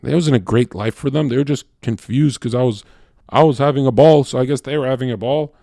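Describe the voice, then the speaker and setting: A male streamer talks in a loose, rambling monologue, blunt and crude with plenty of filler words. His mid-range voice jumps from loud bursts down to quiet mutters. The sound is dry and close, with no room echo. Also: brisk. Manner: swings between loud outbursts and low mutters. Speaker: livestreamer.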